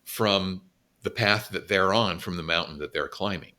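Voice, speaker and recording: A man's voice: low voice, moderate pace, crowd noise. A man co-hosting a podcast, reflecting earnestly in casual conversation and sharing his own experiences. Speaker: podcast co-host.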